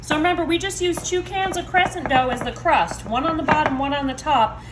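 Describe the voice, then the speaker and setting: Excitable woman cooking, high voice. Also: a little fast, very noisy. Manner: chatty, excitable, addresses viewers as y'all. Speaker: home cook showing desserts. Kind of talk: casual cooking video. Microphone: phone.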